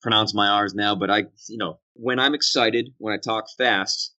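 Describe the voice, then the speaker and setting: A man with a Boston accent speaks in a slightly low voice, candid and quick to laugh at himself as an interview guest. The sound is dull and lo-fi, as if coming through a remote call from a hotel room. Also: fairly even intonation, bright, forceful tone. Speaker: voice actor guest.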